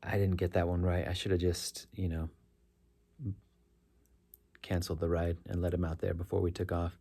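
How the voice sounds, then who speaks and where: A man's voice: low-pitched, flat delivery, moderate pace, gravelly, warm tone, slightly rough. A middle-aged man, a rideshare driver, telling a story casually and earnestly, rambling and correcting himself as he goes. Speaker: rideshare driver sharing stories.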